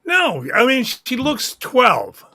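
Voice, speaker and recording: A male co-host in a casual chat, tossing out blunt, dry quips. His voice is bright and lively, rising and falling a lot, and it is recorded dry. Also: extremely high pitch, slow, breathy edge, no room sound. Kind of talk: casual entertainment news chat.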